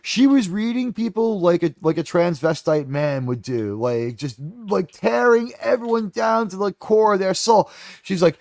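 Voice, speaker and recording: A man's voice: high voice, lively intonation, measured pace, a little mellow, no echo, studio quality. A man giving a casual, rambling film review, profane and full of fillers. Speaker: movie reviewer.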